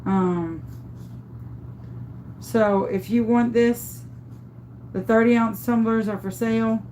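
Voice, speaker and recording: A woman's voice: fairly high pitch, fairly even intonation, slow, dark tone, a little hiss or hum, low-quality recording. A woman giving a casual hands-on crafting tutorial, chatty and thinking aloud as she works. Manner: chatty, thinks aloud, often gushes over the work. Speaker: crafter demonstrating epoxy tumbler making.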